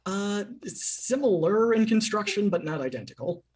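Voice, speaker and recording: A woman's voice: mid-range voice, expressive, moderate pace, darkish tone, recorded from a distance, a little hiss or hum. A woman chatting casually as a tabletop game player, with wry humor.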